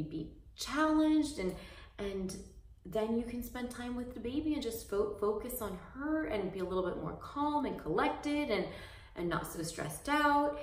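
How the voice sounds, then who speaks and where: A woman's voice: a little high, voice pushed up, natural voice. A woman voicing a reassuring female client who gives kind, soothing advice. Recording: roomy echo, mic far off.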